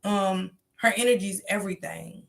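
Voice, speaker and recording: There's a gravelly edge to this livestream host's mid-range voice as she talks at a moderate pace. She chats loosely with viewers, reads out their comments, swears freely, laughs often, and keeps things slangy and salty.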